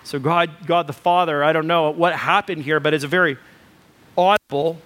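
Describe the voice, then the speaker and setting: A man's voice: on the high side, steady tone, normal speed, fairly bright tone. A male pastor preaching a sermon in a conversational style with many fillers, building to emphatic repeated lists.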